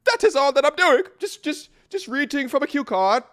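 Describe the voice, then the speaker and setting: A man putting on a high, mocking imitation of a posh British male interviewer. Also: lively intonation, very slow, heavily acted. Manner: squeaky, mocking exaggerated British accent.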